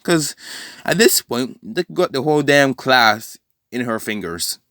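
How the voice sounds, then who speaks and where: A man spins a fan-fiction story off the cuff, circling back to fix details and filling gaps with "uh" and "like." He flicks briefly into character quotes before dropping back into plain narration. His voice sits at a middling pitch and sounds dry and close, with no room sound. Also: animated, measured pace, bright, forceful tone, no echo. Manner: rambling, self-correcting, with frequent fillers. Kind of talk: casual improvised story narration.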